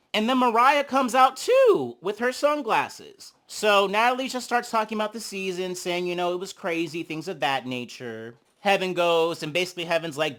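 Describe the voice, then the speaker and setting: A young adult host recapping a reality show reunion in casual, sassy commentary, swearing freely and acting out the cast's lines. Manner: sassy, gossipy, swears a lot, acts out quotes; big swings in pitch and loudness when reacting.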